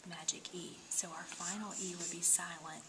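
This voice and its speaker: A woman teaching phonics one-on-one, patiently sounding out syllables and often dropping to a soft whisper. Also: on the low side, little pitch movement, normal speed, very noisy. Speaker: reading teacher.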